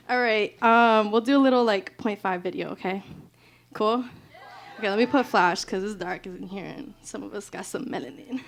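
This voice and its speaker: A woman's voice: medium pitch, moderate pace, gravelly. A woman singer chatting casually with her audience between songs at a small live music venue, giggly and loose, full of "like" and "y'all". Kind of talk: casual stage banter with an audience.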